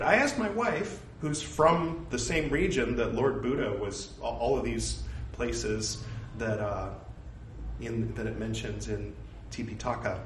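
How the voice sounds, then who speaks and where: Rambling American man, low, echoey. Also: recorded from a distance, a little hiss or hum. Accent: Californian American. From California, United States. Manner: rambling, self-deprecating, jokey. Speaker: host reading a religious text. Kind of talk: casual spoken aside.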